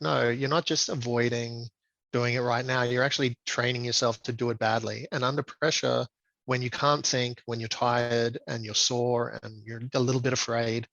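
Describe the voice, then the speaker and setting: A man being interviewed as a guest, speaking in a reflective, measured way with frequent ums. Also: mid-range voice, creaky, a bit bright, dry recording, muffled recording. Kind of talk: conversational interview.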